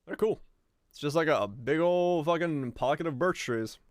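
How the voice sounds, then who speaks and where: A man's voice: fairly high pitch, normal speed, dry recording, clean studio sound. A young man from Finland, a game streamer, chatting casually with his viewers; he talks in a laid-back way, swears a lot and laughs easily. His is not English. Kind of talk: casual chat with viewers while gaming.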